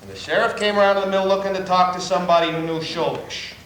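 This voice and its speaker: An actor playing a nosy policeman who needles a suspect with quick questions, in a live stage play. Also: high voice, fairly bright tone, a little hiss or hum. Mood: prying. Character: nosy male policeman, smooth and prying. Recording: echoey theater recording from far off.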